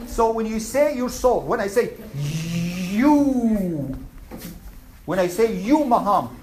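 A woman's voice: on the high side, lively intonation, moderate pace, darkish tone, slight background noise, poor audio. A woman teaching an Islamic class, asking her students questions and repeating her points. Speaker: religious teacher.

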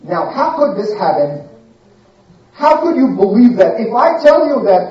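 Animated high-voiced man telling stories to kids. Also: unhurried, slight background noise. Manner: animated, asks children questions. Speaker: storyteller for children. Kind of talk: religious storytelling to children. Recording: echoey room, distant muffled mic.

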